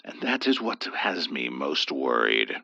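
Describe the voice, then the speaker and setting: A man voicing a worried, timid older priest with a low, hushed, trembling manner. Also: wildly swooping pitch, takes it slowly, vocal fry, no echo, full character voice. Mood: anxious. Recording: dull dry lo-fi voice.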